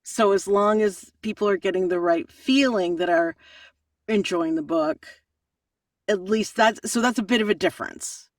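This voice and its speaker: A woman audiobook narrator answering interview questions in a chatty, animated way, often laughing. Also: medium pitch, moderate pace, no room sound, studio quality, recorded from a distance.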